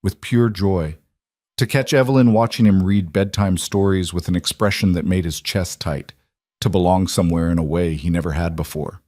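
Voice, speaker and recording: Low-voiced male narrator, measured scripted reading, dry studio sound. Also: dark tone, no echo.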